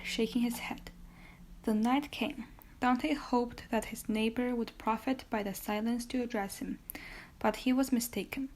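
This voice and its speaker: A woman narrating a classic novel as an audiobook reader, steady with occasional self-corrections. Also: a little high. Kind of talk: reading a classic novel aloud.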